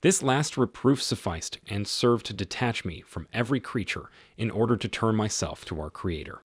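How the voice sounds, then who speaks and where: A man reads as a devout young woman mystic, recounting her trials in first person. The voice is low and husky, solemn and steady. It sounds close and dry. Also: moderate pace, no room sound.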